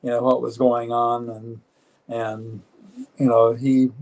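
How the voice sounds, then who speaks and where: Older male interview guest, 70s, mellow dark tone, earnest and plain-spoken, halting phrasing. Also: medium pitch, level tone, low-quality recording. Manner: earnest, matter-of-fact, halting with frequent restarts. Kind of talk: live-streamed personal interview.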